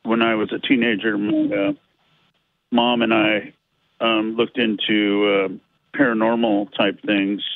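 A man's voice: fairly low pitch, level tone, slow pace, creaky, no room sound. Caller guy on a tinny dry phone line, rambly and hesitant, lots of uhs. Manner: hesitant, rambling, many fillers. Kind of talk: phone-in call.

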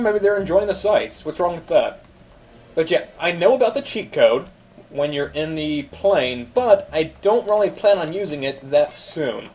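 A man's voice: a little high, a little mellow. A man hosting a let's play, chatting and thinking aloud as he plays. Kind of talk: gameplay commentary.

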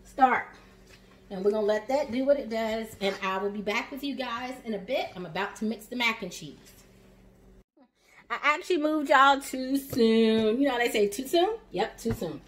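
Fairly quick and on the high side, this woman's Southern US voice guides viewers through a chatty, encouraging cooking demonstration in her home kitchen. The home chef calls them "y'all" and "honey." Her voice is distant in an echoey kitchen with slight background noise.

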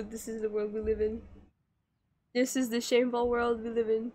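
A woman's voice: on the high side, little pitch movement, moderate pace, darkish tone. A woman streamer chatting casually with her viewers while she draws, giggly and playful as she teases her chat.

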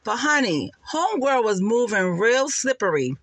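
A woman runs a casual gossip commentary, sassy and full of laughs. Her voice sits fairly high and swoops up and down with lively expression. The sound is dry and close, with no room echo. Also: normal speed. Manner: sassy, laughing, calls listeners honey and child.

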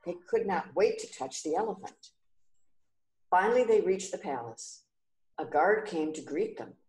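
A woman reading a children's story aloud clearly and expressively. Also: on the low side, expressive, measured pace, a little mellow, echoey room.

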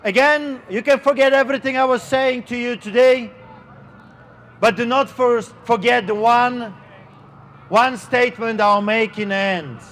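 A middle-aged man with a non-native English accent, preaching an outdoor street sermon as a pastor, slow and emphatic, stretching out his words. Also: extremely high pitch, steady tone, fairly bright tone, slight background noise.

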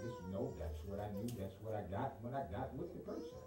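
Male preacher, very low voice, emphatic live sermon, heard from off-mic in an echoey church on a noisy stream. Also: wildly swooping pitch, brisk, hardly any pauses, recorded from a distance. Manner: emphatic, repeats himself, talks directly to the congregation.

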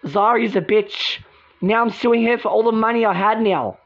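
A woman's voice: on the high side, normal speed, close to an everyday voice. A woman doing a bitter, cursing Willow. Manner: curt and swearing. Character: sullen, bitter, foul-mouthed young woman. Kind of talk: amateur voice drama. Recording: dull lo-fi recording.

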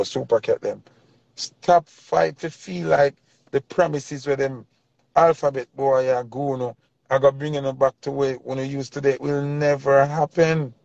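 A man's voice: mid-range voice, creaky, a little mellow, dry recording. A man with a Jamaican accent delivering a passionate, preachy commentary rant in heavy Patois. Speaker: vlogger. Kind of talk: ranting commentary. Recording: dull lo-fi dry sound.

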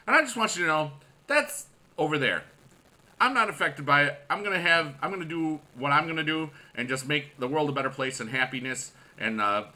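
A man in his forties, a mobile game YouTuber, chatting casually and excitably while he plays, with goofy loud shout-outs to viewers. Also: medium pitch. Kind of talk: casual gaming commentary.

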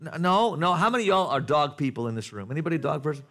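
A man preaching a sermon to a congregation in a church, talking conversationally, asking the room questions and building to loud, animated passages. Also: a little high, fast. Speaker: pastor. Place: church sanctuary before a congregation.

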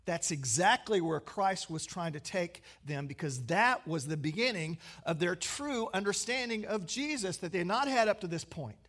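Man preaching a sermon, kinda high voice, goes loud then real hushed. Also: lively intonation, moderate pace, few pauses. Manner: dynamic preaching, swinging from emphatic to hushed. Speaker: pastor.

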